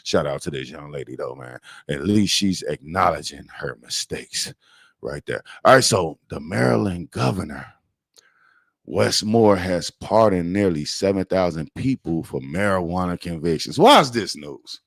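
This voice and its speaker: Man, Chicago accent, lowish voice, dry close sound, casual profane rambling commentary, podcast host. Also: lively intonation, moderate pace, gravelly, no room sound.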